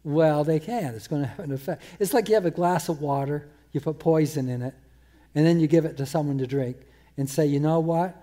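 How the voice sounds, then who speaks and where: A man preaching a sermon, emphatic, repeating words and slowing down to quote scripture. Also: fairly high pitch, mellow. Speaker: pastor.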